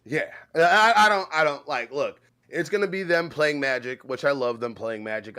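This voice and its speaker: A man co-hosting a live stream, chatting casually and breaking into loud shouted rants. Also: a little high, lively intonation, normal speed, hardly any pauses, clean tone. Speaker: co-host of a live stream show.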